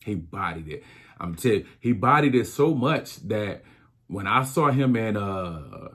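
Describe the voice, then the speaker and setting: Hosting his own podcast, a man muses in a relaxed solo talk, his phrasing slow and drawn out and full of restarts. His voice is fairly low, expressive and a bit bright.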